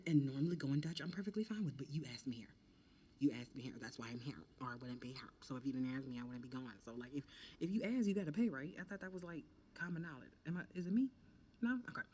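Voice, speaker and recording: A young woman chatting casually through a makeup tutorial, animated and calling her viewers baby and honey. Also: a bass voice, slight background noise. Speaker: makeup creator.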